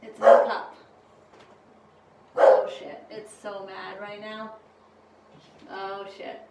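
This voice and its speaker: A jittery woman vlogging at home, talking in a slow, drawn-out way while she coaxes and frets, swearing now and then. She sits well back from the mic in a room that rings with echo, and steady background noise runs under her voice. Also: medium pitch, creaky, distant mic. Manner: jittery, swearing, coaxing and fretful. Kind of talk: casual vlog, talking to herself and a bee. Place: home indoors near a window.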